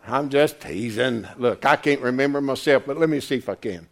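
An older man preaching a folksy, emphatic sermon, swinging from loud to quiet. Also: mid-range voice, big pitch swings, fairly quick, hardly any pauses. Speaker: pastor.

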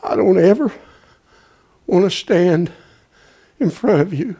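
A man preaching a folksy sermon, calling out to his congregation and swinging from loud to hushed. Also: high voice, lively intonation, slow, slightly rough.

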